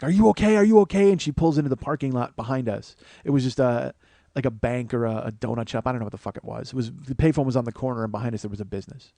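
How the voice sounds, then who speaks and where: Casual profane guy, 40s, animated storytelling, dry mic, mid pitch. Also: dry recording. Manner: profane, animated, restarts often. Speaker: podcast host. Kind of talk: comedic storytelling monologue.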